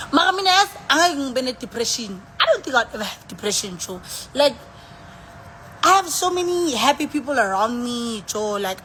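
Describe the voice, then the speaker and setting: Speaking into her phone during a relaxed live stream, a tipsy South African-accented woman rambles, sighs and code-switches between languages. Her voice is a little high, pushed and bright. Some slight background noise can be heard.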